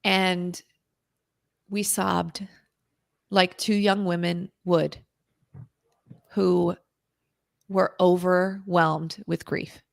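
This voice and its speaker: A woman, a guest on an interview show, telling an intense personal story in a vivid, dramatic way, at times dropping to a hushed whisper. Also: lowish voice, level tone, drawn-out words, creaky, long pauses, no echo, studio quality. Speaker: interview guest, recovery author.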